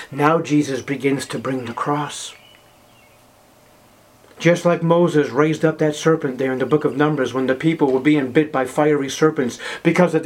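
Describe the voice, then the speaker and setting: A man preaching a sermon, emphatic, swinging from loud declarations to hushed, slow words. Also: a little high.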